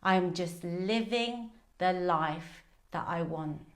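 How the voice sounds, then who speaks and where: A woman's voice: lowish voice, slow. A woman coach talking candidly on a live video about food, rambling with fillers and restarts. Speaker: binge eating coach. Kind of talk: casual live video talk.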